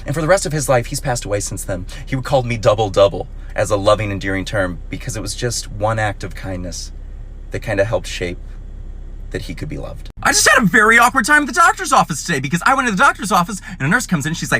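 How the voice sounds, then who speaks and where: A young man telling comedic personal stories in an animated, playful way, jumping into high squeaky voices for quotes. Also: rapid-fire. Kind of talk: storytelling comedy clips.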